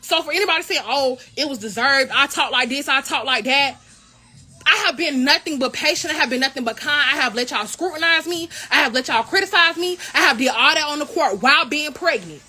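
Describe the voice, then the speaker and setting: A young woman, a member of a college royal court, telling an indignant, animated story in a casual vlog. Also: high voice, a little fast. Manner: animated, indignant retelling with quoted dialogue.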